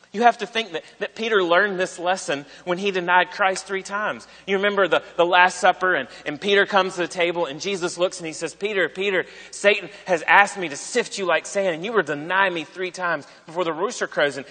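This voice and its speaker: A man's voice: sits high, fairly bright tone, in a large hall. A man in his thirties, a pastor preaching a sermon in a conversational way, repeating phrases and often asking "right?".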